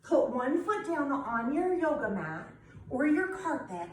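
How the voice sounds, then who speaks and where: A woman's voice: sits high, sing-song, unhurried, slight background noise. A young woman guiding children through a yoga class, cheerful and encouraging, with a sing-song coaching manner. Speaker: kids' yoga teacher. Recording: echoey room, voice from a distance.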